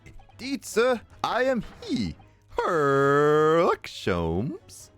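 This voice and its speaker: A man's voice: fairly high pitch, huge pitch swings, fairly bright tone, soft background music, voice pushed up, exaggerated voice. A man voicing a theatrical, grandiose male detective in a video game read-through. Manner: grandiose, drawn-out declarations.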